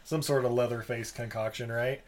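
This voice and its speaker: A man's voice: medium pitch, steady tone, fairly quick, a crowd in the background. A man co-hosting a podcast, recapping a movie in casual chat, rambling and swearing with jokes. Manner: rambling, profane, joking. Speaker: podcast co-host.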